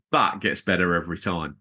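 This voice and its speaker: Jokey man, deep and bright. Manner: jokey, rambling, reads supporter tiers. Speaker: podcast co-host. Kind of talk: casual podcast chat.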